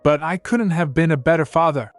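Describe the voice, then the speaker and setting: A man's voice: on the high side, animated, normal speed, dry recording, soft background music, voice pushed up, lightly acted. A man voicing a proud, stubborn old grandfather who groans and protests in a storybook recap. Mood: sobbing.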